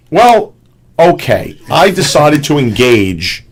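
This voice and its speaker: A man's voice: mid-range voice, animated, moderate pace. A man co-hosting a live-streamed talk show, chatting casually in a loose, profane, rambling way full of restarts. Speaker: co-host. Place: home studio streaming live.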